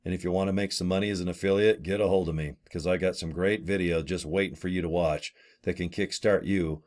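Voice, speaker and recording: Speaking at a quick pace in a deep, darkish voice with fairly even intonation, a network marketing affiliate in his late fifties chats casually to camera. He's selling a business opportunity in a folksy, blunt way, with mild swearing and rambling asides.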